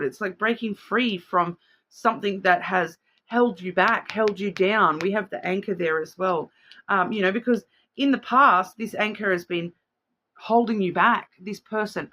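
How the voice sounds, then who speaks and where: A woman's voice: medium pitch, fairly bright tone, slight background noise. Chatty Australian woman reading cards. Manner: chatty, rambling, keeps checking in with "all right?". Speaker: card reader. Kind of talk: casual spoken card reading.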